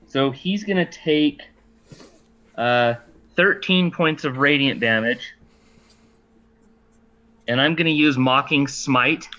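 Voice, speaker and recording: A man's voice: medium pitch, slow, long pauses, bright, forceful tone, highs cut off. A man playing a tabletop game, talking casually and hesitantly as he works out and describes his character's attack. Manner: hesitant, with many fillers and restarts while describing his move. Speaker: player.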